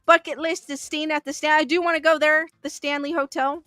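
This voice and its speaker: Bright-voiced woman chatting with viewers. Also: high voice, little pitch movement, fairly quick, no room sound, soft background music. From Southern California. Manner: chatty, laughs often, thinks aloud with fillers. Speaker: livestream host reading chat. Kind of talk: casual live chat.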